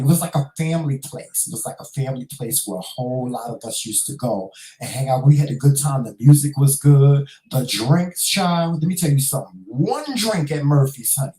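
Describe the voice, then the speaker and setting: A man's voice: medium pitch, darkish tone. A middle-aged man hosting a casual live chat show, talking straight to his viewers and calling them y'all, honey and child, often repeating himself. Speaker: talk show host. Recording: echoey room.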